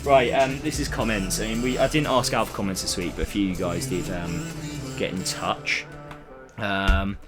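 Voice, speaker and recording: A man's voice: on the low side, moderate pace. Young man telling a comic story. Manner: animated storytelling, acts out characters' lines. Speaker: podcast co-host. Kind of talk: casual podcast chat. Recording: music playing behind.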